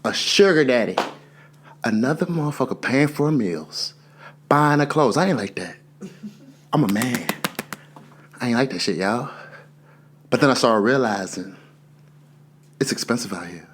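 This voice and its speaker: A man's voice: medium pitch, lively intonation, moderate pace, pauses often, background noise. A young man from Texas doing a stand-up comedy set, telling loose stories and laughing between lines. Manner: loose, laughing storytelling, slips into character voices.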